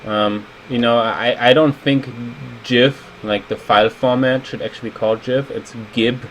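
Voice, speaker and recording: A man's voice: medium pitch, fairly even intonation, moderate pace, a bit bright, rough recording. A man in his thirties streaming as a level designer, chatting casually and rambling while he reads viewer comments aloud. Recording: faint air-conditioning hum.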